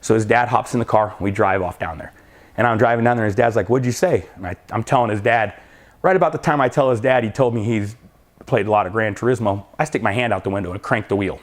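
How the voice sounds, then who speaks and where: A man's voice: on the low side, quick pace. A middle-aged man casually telling a drag racing story, acting out both sides of the dialogue as he goes. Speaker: drag racing school owner and crew chief.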